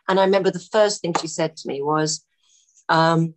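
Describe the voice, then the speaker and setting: A middle-aged actress chatting as a podcast guest, telling anecdotes and laughing often. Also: female voice, low-pitched, normal speed, a little hiss or hum. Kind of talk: casual podcast interview.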